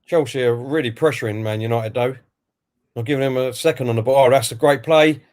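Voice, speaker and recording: This co-host of a football watch-along stream has a medium-pitched, slightly mellow voice and talks briskly. Chatty throughout, he commentates live, reads aloud comments from viewers, then adds his own opinion.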